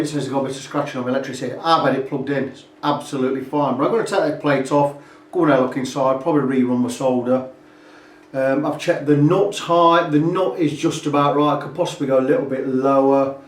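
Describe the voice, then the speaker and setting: A man, a guitar repair technician, talking through a job in a casual, rambling way in his workshop. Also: fairly high pitch. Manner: rambling, chatty, fills gaps with "blah blah". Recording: roomy, distant workshop sound.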